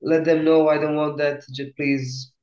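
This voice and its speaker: Male interviewer, fairly high voice, stumbling questions, roomy echo. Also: little pitch movement, highs cut off. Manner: hesitant, halting questions with many "uh"s. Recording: echoey room.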